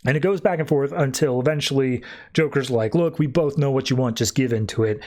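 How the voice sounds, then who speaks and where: A man's voice: mid-range voice, a little fast, hardly any pauses, darkish tone. Casual man recapping a comic plot. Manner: retells the plot, quoting characters in brief put-on voices; filler-heavy, lots of "like" and "uh". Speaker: podcast co-host.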